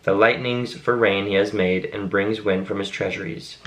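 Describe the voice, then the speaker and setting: A man reading scripture aloud at a steady, measured pace, now and then stopping to explain a word. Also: fairly low pitch, a little hiss or hum, low-quality recording. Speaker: Bible reader.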